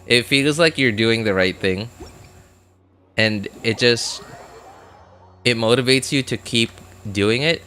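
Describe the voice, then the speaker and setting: Slow and pausing often, this streamer's medium-pitched voice comes across bright and forceful, with slight hiss or hum in the background. He rambles casually through his game, using lots of fillers and laughing at himself regularly.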